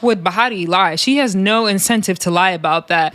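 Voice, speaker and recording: A woman giving a casual, animated recap of a reality show, laughing often and acting out quotes in character. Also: on the low side, brisk, hardly any pauses, dry recording, clean studio sound. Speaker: commentary host.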